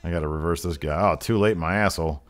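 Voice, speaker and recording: Casting: low-voiced guy, mock announcer calling game wrestling, crude jokes. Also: fast. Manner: jokey, profane, mock-announcer hype. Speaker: gameplay commentator. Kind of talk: mock wrestling play-by-play over gameplay.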